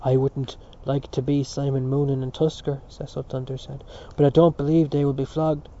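A man's voice: medium pitch, little pitch movement, moderate pace, warm tone, highs cut off. A man reading a novel aloud as scripted narration, with a few slips and restarts. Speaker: audiobook reader.

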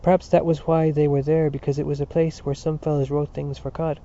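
A man's voice: a little high, level tone, fairly quick, dark tone, dull audio. A man reading a novel aloud as scripted narration, with a few slips and restarts. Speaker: audiobook reader.

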